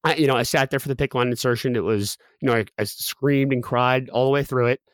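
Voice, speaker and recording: Fast-talking man telling a personal story. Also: medium pitch, steady tone, no room sound, studio quality. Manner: candid, many fillers and restarts. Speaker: guest.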